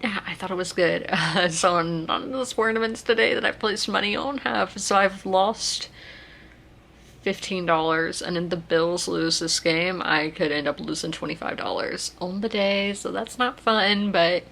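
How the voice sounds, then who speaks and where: A woman's voice: fairly low pitch, normal speed, creaky, a bit bright. A woman, chatting casually in a rambling vlog. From South Carolina. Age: 20s. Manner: rambling, chatty, many fillers and restarts. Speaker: vlogger.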